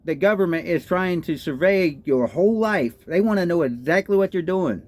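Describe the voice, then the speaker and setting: A man's voice: fairly high pitch, animated, normal speed, a little mellow. A man with a Texan accent ranting in a political commentary, indignant and firing off repeated rhetorical questions. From Texas. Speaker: political vlogger.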